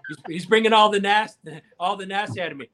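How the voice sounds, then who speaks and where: A man's voice: high voice, fast, bright, forceful tone. A man from New Jersey, talking brashly and cursing in joking banter. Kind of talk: casual banter.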